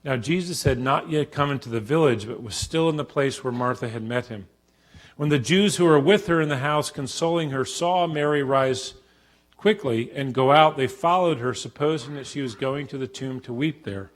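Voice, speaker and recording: A middle-aged man, a professor, giving a Bible teaching talk at a church conference, acting out quotes with sudden loud bursts. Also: medium pitch, normal speed.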